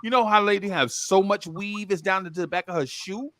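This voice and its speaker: A man hosting a casual podcast chat, telling animated stories and laughing easily. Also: sits high, brisk, no room sound. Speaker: podcast host.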